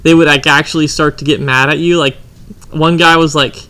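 Young man, bright tense voice, slightly high, crude joking storyteller. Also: fairly even intonation, fairly quick, clean tone. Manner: crude, joking storyteller who acts out phone calls. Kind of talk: casual chat.

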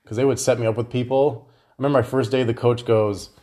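A man in casual podcast conversation tells rowdy stories, cursing freely and laughing between lines. His voice sits at an ordinary middle pitch. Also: steady tone, fast, warm tone. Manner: profane storytelling, laughing through anecdotes. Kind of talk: casual chat.

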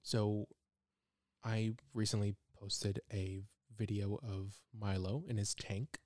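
A man's voice: lowish voice, level tone, slow pace, darkish tone, dry recording, clean studio sound. A man co-hosting a podcast in casual chat, rambling and restarting as he tells stories. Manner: rambling, restarts often when telling stories. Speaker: podcast co-host.

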